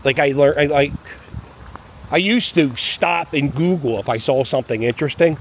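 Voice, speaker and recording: A man, his voice sitting a little high, wanders down a city street and talks in a loose, wry, rambling way to his phone camera. Faint street noise hums behind him outdoors. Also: normal speed. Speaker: vlogger walking his dog. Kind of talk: casual walking commentary.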